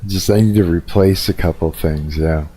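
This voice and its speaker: A man's voice: sits low, normal speed, dark tone, slightly rough. A man chatting casually on a live stream, a little tired, rambling and swearing freely. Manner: profane, rambling, restarts sentences. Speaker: livestreamer.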